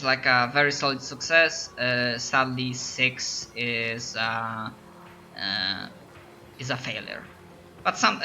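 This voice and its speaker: A man with English as a second language, running a tabletop game, pausing often with fillers. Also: medium pitch, pushed and bright, slight background noise. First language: non-native English speaker. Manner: slow, hesitant, many fillers. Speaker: game master.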